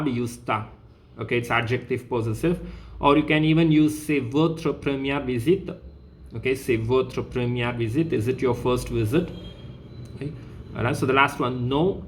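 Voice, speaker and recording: Man teaching a French revision lesson. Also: medium pitch. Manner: explanatory, repeats phrases with frequent "okay"; slows down to spell out French words.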